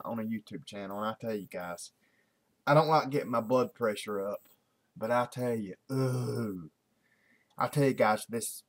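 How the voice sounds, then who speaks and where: Folksy rambling man. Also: mid-range voice. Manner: folksy, repetitive, many fillers and restarts. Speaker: daily video blogger. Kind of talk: casual rambling monologue to camera.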